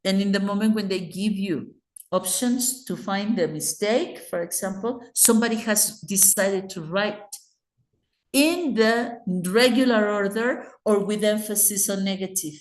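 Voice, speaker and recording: A woman's voice: medium pitch, unhurried, echoey room. A woman with a Mexican Spanish accent teaching English grammar in an online class, patiently explaining and checking in with her students.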